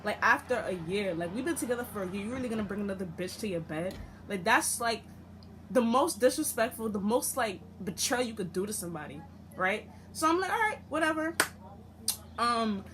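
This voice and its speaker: A young woman telling a storytime vlog, animated and profane, acting out the people she quotes. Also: fairly high pitch, background noise. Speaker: storytime vlogger.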